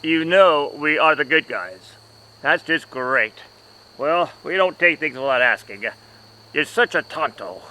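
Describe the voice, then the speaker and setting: A fussy, easily flustered masked lawman, played by a man in a homemade comedy sketch. He scolds in an exasperated way, his voice slightly high, very bright and swinging all over the place. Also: animated, a little slow, low-quality recording.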